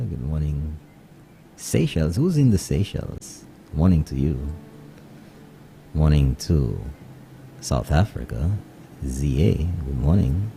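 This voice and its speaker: A Saint Lucian man hosting a casual morning radio show, trading English and Kweyol as he greets listeners. His voice is low and very dark and mellow. A faint hiss sits under the recording. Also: creaky. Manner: switches between English and Kweyol, animated greetings. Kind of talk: casual radio chat and shout-outs.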